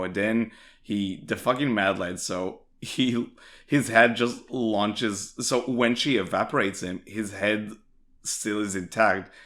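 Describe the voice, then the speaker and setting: A man with a very low voice co-hosts a casual discussion podcast. He gushes with enthusiasm, swears freely and strings thoughts together with plenty of filler words. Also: fairly bright tone. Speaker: podcast co-host.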